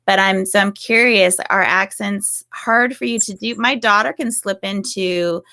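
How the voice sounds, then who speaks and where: Woman, author, casual chat, laughs often, gravelly fry in the voice. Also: mid-range voice, unhurried. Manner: warm, curious, laughing often. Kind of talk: casual conversation.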